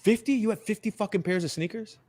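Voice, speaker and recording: A man co-hosting a podcast in casual chat, teasing and excitable, swearing a lot. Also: sits high, quick pace, a crowd in the background. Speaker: podcast co-host.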